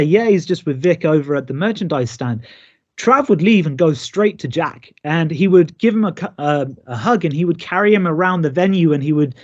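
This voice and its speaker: Over a dull, lo-fi line resembling a call recording, a male wrestler in his thirties shares ring stories as a remote interview guest. Lively and slightly high-voiced for a man, he performs the quoted lines in other people's voices.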